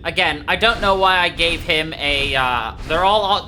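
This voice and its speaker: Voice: medium pitch, a little slow, sharp tone, slight background noise. A game streamer giving casual, joking, self-mocking commentary and swearing freely. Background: game music.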